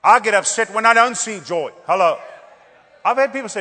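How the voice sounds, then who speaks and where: A man preaching a revival sermon, animated and joking, repeating phrases for emphasis. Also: high-pitched, brisk, in a large hall.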